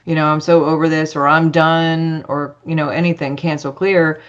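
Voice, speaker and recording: A woman's voice: sits low, level tone, moderate pace, smooth, muffled recording. A woman telling a personal story as a podcast guest, chatty, acting out dialogue with lots of fillers.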